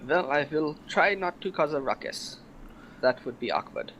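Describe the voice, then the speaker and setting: A man's voice: fairly high pitch, animated, moderate pace, a bit bright, highs cut off, a little hiss or hum. A man playing a tabletop game, speaking politely and formally in character. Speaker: player.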